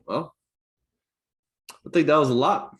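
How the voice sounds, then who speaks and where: A man's voice: fairly high pitch, a little slow. A man co-hosting a podcast in casual chat, laid-back and agreeable, mostly giving short replies. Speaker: podcast co-host, teacher.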